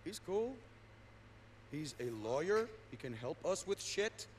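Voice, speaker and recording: A brash, crude biker gang boss. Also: male voice, sits high, sing-song, a little slow, slight background noise. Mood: coaxing. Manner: crude, swaggering, preachy. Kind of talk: video game cutscene acting.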